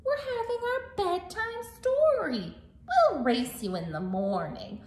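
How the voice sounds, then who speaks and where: A woman voicing a calm group of cheetahs in a storybook, in an echoey room. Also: extremely high pitch, takes it slowly, pitched above the performer's own voice, heavily acted.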